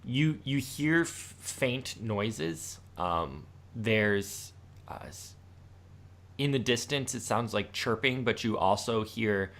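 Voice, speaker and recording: Lowish man narrating as game master. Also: expressive, a bit bright. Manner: halting descriptive narration with many fillers.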